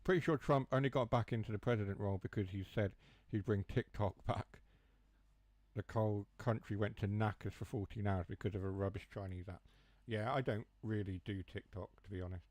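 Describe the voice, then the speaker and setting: A young man from around Mansfield talks fairly quickly in a low, darkish, steady voice, his broad Huthwaite, Nottinghamshire accent dropping H's and T's. Streaming a train sim, he rambles through jokey asides in casual chat. The recording is dry and close, with no room around it.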